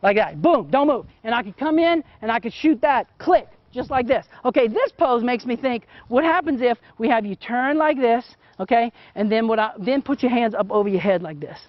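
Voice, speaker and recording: A middle-aged man with an extremely high, expressive voice teaches photography while he works, talking at normal speed with few pauses. It's a hands-on teaching demo, and he's casual and chatty, repeatedly checking in with "okay?". The recording is dry and sounds dull and muffled.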